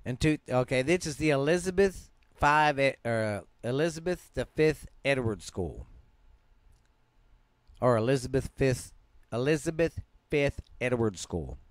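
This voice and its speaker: A man's voice: medium pitch, lively intonation, unhurried, no room sound. A man with a Southern US accent, hosting a podcast and casually reading ghost stories aloud, often stumbling and restarting words in a laid-back, yawning way. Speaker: podcast host.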